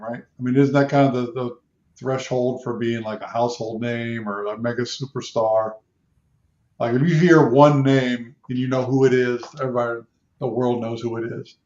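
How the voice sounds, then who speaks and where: A man's voice: medium pitch, brisk, darkish tone. A man co-hosting a talk radio show, rambling and joking in casual chat. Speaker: radio co-host. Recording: dull muffled audio.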